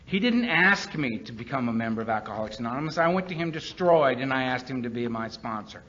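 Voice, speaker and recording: A man's voice: medium pitch, animated, quick pace, a bit bright. A man speaking at a recovery meeting, telling his story in an earnest, emphatic way and often repeating lines for weight. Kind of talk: personal testimony talk. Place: meeting hall with a live audience. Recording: dull lo-fi meeting recording with faint background hiss.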